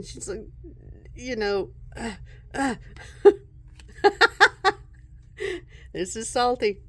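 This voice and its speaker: A woman vlogging casually at home about her tarot decks, soft-spoken and unhurried, often breaking into giggles. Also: medium pitch. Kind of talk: casual show-and-tell vlog.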